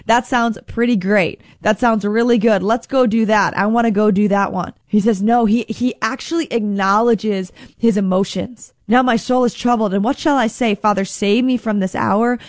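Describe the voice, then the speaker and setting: Woman giving a sermon, talks casual and earnest, voices the prayers she quotes, kinda high, dry recording. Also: steady tone, moderate pace, few pauses, dry recording. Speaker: preacher.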